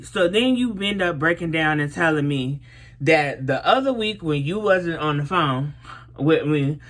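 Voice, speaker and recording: Young woman vlogger, punchy and crisp in tone, swears freely, animated storyteller. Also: sits low. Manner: blunt, profane, animated storytelling. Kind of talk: casual storytime while doing makeup.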